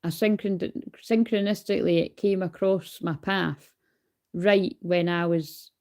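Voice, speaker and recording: A woman's voice: fairly low pitch, fairly even intonation, unhurried, darkish tone. A woman doing a casual livestream card reading into a phone. She is chatty, swears freely and calls herself hyper. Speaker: tarot card reader.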